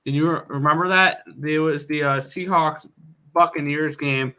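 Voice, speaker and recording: Bright-voiced man chatting sports picks. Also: on the high side, fairly even intonation, moderate pace, clear, resonant tone. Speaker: co-host handicapper. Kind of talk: casual sports betting chat.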